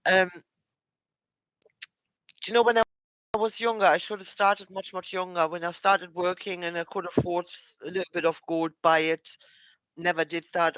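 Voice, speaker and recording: High, bright man with a German accent. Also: flat delivery, normal speed, long pauses, no echo, lo-fi sound. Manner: thoughtful, explains words with examples. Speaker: guest. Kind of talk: casual livestream chat.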